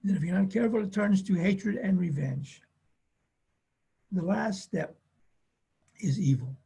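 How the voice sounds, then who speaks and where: A man's voice: high-pitched, unhurried, vocal fry, warm tone, breathy edge. A man who works as a family therapist, giving an earnest webinar talk and telling personal stories, with lots of repetition. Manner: earnest, repetitive, acts out quoted voices.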